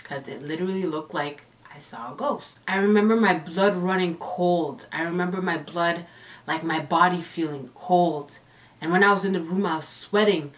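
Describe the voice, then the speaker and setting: Sighing and exclaiming, a woman with a fairly low voice recounts a ghost story that happened to her, at a moderate pace. It's a casual, emotional, and dramatic storytime vlog. Her voice comes across slightly far from the microphone.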